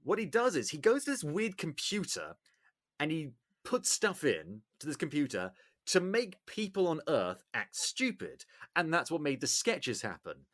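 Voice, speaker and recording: An English man hosting a podcast, chatting casually with a lively, swooping voice. He tells stories with animation and acts out bits loudly. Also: on the high side, moderate pace. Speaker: podcast host. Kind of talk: casual chat.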